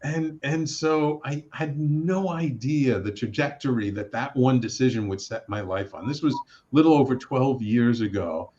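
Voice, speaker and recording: A middle-aged man, a radio network producer and host, telling his story in a casual interview, animated and acting out the voices he quotes, with many restarts. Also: medium pitch, moderate pace, slight background noise. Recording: slightly dull lo-fi sound.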